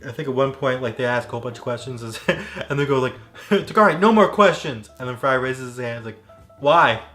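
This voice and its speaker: A man's voice: mid-range voice, fairly bright tone. A man mixing cocktails at home, chatting casually and rambling into tangents with lots of "like" fillers. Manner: rambling, heavy on "like" fillers, digressive. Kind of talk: casual chat while mixing drinks.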